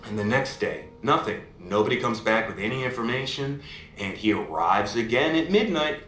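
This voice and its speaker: A man telling a bedtime fairy tale on a video call, animated, going up high with excitement and down low for suspense, and checking in with his listener. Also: normal speed, echoey room, faint music behind, natural voice. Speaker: parent telling a bedtime story.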